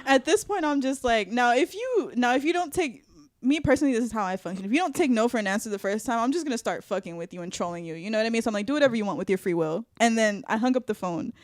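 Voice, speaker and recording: A young woman with a fairly high voice tells a story on a casual podcast, animated and laughing as she acts out the people in it. The recording is dry and close. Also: fast talker, dry recording. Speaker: podcast guest.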